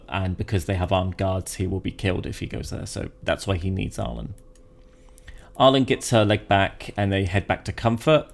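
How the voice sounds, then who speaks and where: A man from Britain co-hosting a podcast in casual chat, animated and rambling, often restarting his sentences. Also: on the low side, gravelly. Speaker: podcast co-host.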